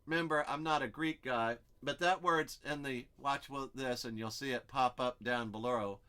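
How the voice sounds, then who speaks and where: A man's voice: mid-range voice, sharp tone. A man teaching an expository Bible study, explaining step by step and thinking aloud as he works through the text.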